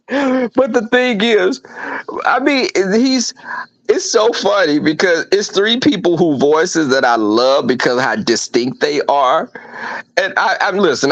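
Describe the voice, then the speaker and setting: In a slightly high voice with no echo, this livestream host chats casually with viewers from home. He spins profane, campy stories in an animated way. The recording has a dull, dry, lo-fi quality.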